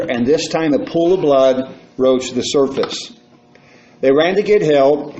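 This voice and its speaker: Male preacher, dramatic sermon, fairly high voice, muffled church recording. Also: a little hiss or hum. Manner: dramatic storytelling, shouts quoted warnings. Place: church sanctuary.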